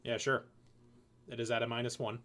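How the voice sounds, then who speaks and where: A man's voice: medium pitch, little pitch movement, fairly quick, a bit bright. Rambling man running a tabletop game. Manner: loose, rambling, lots of fillers. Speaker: game master.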